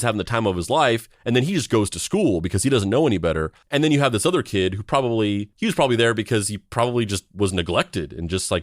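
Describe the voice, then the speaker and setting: A man's voice: on the low side, no room sound, clean studio sound. A man in his thirties, a podcast co-host, telling a story in a rambling, conversational way with a sardonic, blunt edge. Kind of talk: casual chat.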